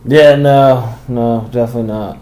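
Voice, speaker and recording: A man's voice: medium pitch, steady tone, normal speed, mellow. A man in casual podcast chat, laid-back, chuckling along and adding crude quips. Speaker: podcast co-host.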